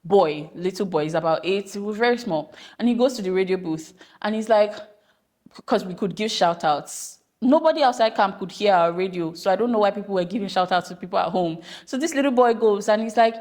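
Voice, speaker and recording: A young woman from Nigeria hosting a podcast, chatting casually with rambling, animated asides. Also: mid-range voice, brisk. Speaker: podcast host. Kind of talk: casual monologue.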